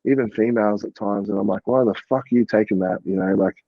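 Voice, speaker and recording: A man's voice: lowish voice, fast, gravelly, lo-fi sound, a crowd in the background. A man, a podcast guest and coach, chatting casually and rambling with lots of "like" and the odd swear word. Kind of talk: casual interview chat.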